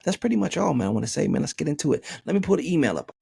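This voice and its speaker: A man's voice: on the high side, big pitch swings, very fast, gravelly, mellow, husky, no room sound, clean studio sound. A man hosting a podcast, reading a listener's email aloud and riffing on it in a joking, profane way, saying "man" constantly. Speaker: podcast host.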